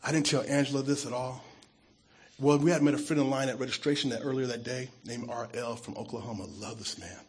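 A man who is a pastor, giving an earnest and emotional testimony sermon, his voice dropping soft when he is moved. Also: mid-range voice, fairly even intonation, fast, husky.

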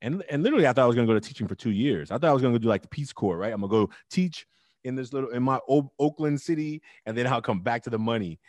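A middle-aged man telling his story as an interview guest, emphatic and animated with loud bursts. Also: mid-range voice, very fast, dry recording. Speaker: interview guest, teacher and club founder.

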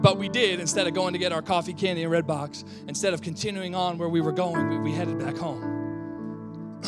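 A male pastor preaching a sermon, calling out to the congregation, swinging from loud outbursts to quiet, close talk. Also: on the high side. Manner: animated, swings between shouting and quiet; talks back and forth with the congregation.

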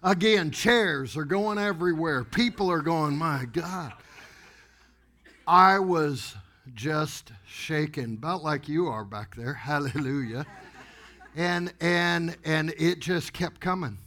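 Bright-voiced exuberant preacher. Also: male voice, a little high, takes it slowly. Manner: animated, exuberant, laughing storyteller. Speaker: pastor. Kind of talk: storytelling sermon. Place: church sanctuary before a congregation.

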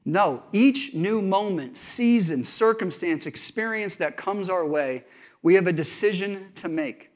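A man's voice: high voice, lively intonation, unhurried. A male pastor giving a sermon, telling stories from his family life in an earnest, conversational way.

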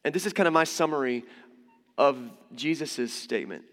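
A pastor delivers a conversational sermon, joking and going off on asides as he teaches. His voice sits a bit high for a man. A long reverb from the large hall trails after his words. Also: animated, moderate pace, a bit bright, soft background music. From United States. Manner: conversational, humorous, with frequent asides and restarts.

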